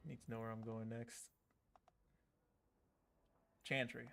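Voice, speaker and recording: A man's voice: medium pitch, level tone, slow, vocal fry, pushed and bright, a little hiss or hum. A man casually commenting on a game while playing, blunt and exasperated. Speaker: streamer.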